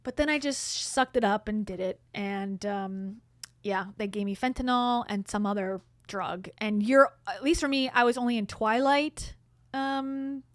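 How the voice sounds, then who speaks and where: A woman's voice: medium pitch, steady tone, measured pace, dry recording, studio quality. A middle-aged woman hosting a casual livestream, telling a story in a chatty way with frequent laughs. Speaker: livestream host. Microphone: streaming mic.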